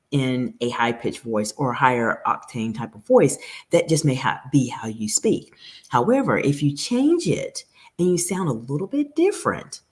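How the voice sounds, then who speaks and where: Speaking straight to her viewers in an earnest, advisory coaching talk, a woman guides professional women on communication. Her voice sits low with a darkish tone.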